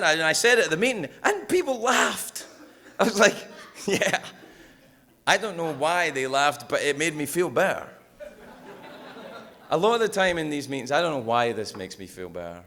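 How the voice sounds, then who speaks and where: A man stands up at a recovery meeting and tells his story, swearing freely and cracking jokes. His voice is bright and sits a little high. His pitch jumps around a lot as he goes from loud bursts to quiet asides. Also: lively intonation, normal speed. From United States. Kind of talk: personal recovery talk, profane and candid. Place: meeting hall with audience.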